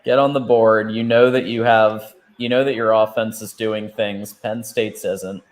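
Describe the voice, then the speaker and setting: Excitable man giving football takes. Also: fairly low pitch, a little slow. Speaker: co-host. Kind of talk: casual sports chat.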